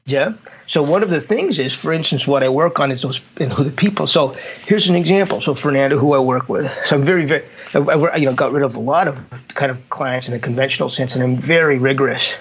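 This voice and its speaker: A man's voice: mid-range voice, quick pace, muffled recording, a little hiss or hum. A man, a consultant, talking casually and telling stories with acted quotes and frequent restarts. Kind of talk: casual conversation.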